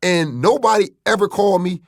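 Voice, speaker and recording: A man's voice: sits high, a little fast, no room sound, clean studio sound. A man who is a guest on a casual podcast, often cutting in with pointed questions. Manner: interjecting, asks pointed questions.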